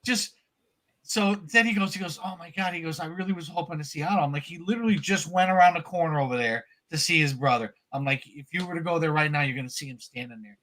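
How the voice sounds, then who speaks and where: A man co-hosting a casual comic collectibles podcast, telling an animated story with lots of restarts and fillers. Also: on the high side, quick pace. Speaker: podcast co-host.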